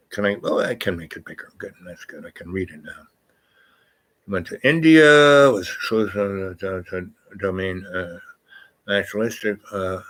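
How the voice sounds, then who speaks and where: An older man with a fairly low voice rambles through a loose, casual monologue. He drifts between thoughts, corrects himself mid-sentence and reads bits aloud from a screen. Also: a bit bright, poor audio. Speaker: channel host.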